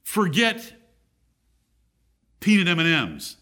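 Male preacher, middle-aged, emphatic, repeats phrases, slightly high voice, lively rising and falling delivery. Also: takes it slowly. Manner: emphatic, repeats key phrases, reads scripture aloud. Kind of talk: sermon.

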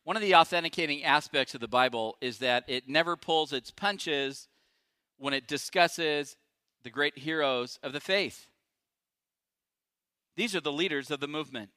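A male pastor preaching a sermon, emphatic and dramatic, swinging from loud declarations to hushed asides. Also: a little high, moderate pace, clear, resonant tone, no room sound, studio quality.

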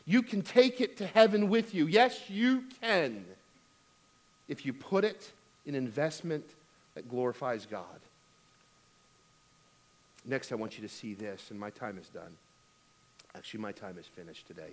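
A man's voice: medium pitch, a little slow, long pauses, slight background noise. A middle-aged man preaching a sermon as pastor, telling a funny family story and then urging giving with emphatic exhortation.

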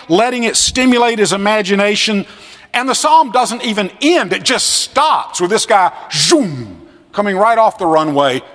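A man giving a classroom lecture on scripture, animated and fond of acting out the voices he quotes. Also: high-pitched, in a large hall. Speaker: seminary lecturer.

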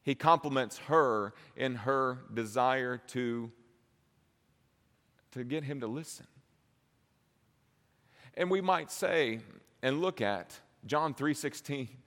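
A man preaching a sermon, moving from low, slow passages to loud, high-pitched crescendos. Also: lively intonation. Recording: long reverb of a hall.

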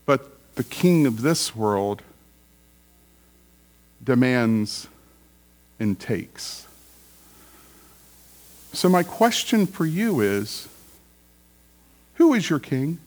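A man's voice: medium pitch, sing-song, very slow, long pauses, darkish tone. A male pastor preaching a sermon in a conversational, storytelling way, repeating key phrases for emphasis.

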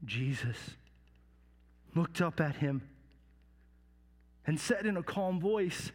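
A man performing a dramatic monologue as a Roman soldier, hushed and halting at times. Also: fairly high pitch, lively intonation, in a large hall. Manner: storytelling with hushed dips and halting repeats. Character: remorseful Roman soldier telling his story. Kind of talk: dramatic first-person monologue.

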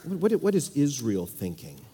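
A man preaching a sermon with strong emphasis, repeating phrases and swinging between loud declarations and quiet asides. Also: mid-range voice, huge pitch swings, moderate pace, slightly rough, big-room sound.

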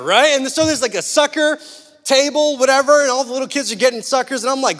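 A young man preaching a sermon, mixing scripture with a casual personal story, animated and chatty with lots of "like" and "right?". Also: very high-pitched, fairly quick. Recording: long hall reverb.

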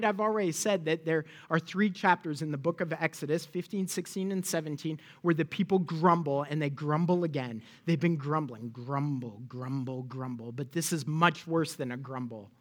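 A man delivering a sermon as a pastor, his voice sitting a little high for a man. He preaches with animated, pointed energy and often turns to the listeners with rhetorical questions. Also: moderate pace, hardly any pauses.

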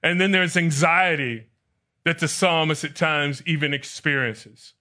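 A man's voice: fairly high pitch, measured pace, pushed and bright. A man preaching a sermon, asking his listeners questions and reading scripture aloud. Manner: asks the congregation questions and reads scripture aloud. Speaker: pastor.

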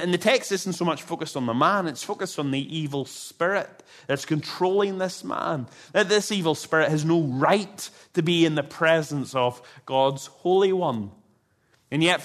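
A man pastor preaching a sermon in an earnest, emphatic way, with frequent restarts. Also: on the high side.

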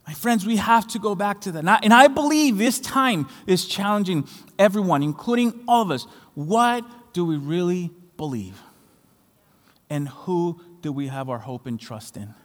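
A man from Latin America preaching a sermon as pastor, building passionately and rising to shouts on key phrases. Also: high voice, animated, normal speed. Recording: long hall reverb.

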